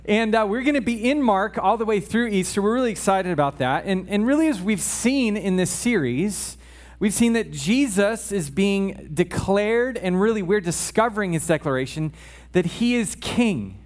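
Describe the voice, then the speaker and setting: A man's voice: high voice, lively intonation, moderate pace. A man preaching a casual sermon in church, chatty with joking asides and frequent check-ins with the congregation.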